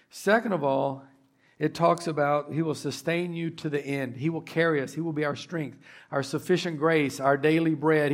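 A man delivering a sermon in a church, pitched a little higher than most men. His voice has a gravelly, fried edge. He speaks earnestly and builds to fervent emphasis. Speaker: pastor.

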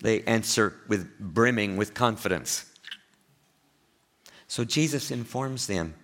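A pastor with an East Texas accent preaches a sermon in a slow, animated, conversational way, frequently asking his listeners questions. He swings widely in pitch and loudness for emphasis.

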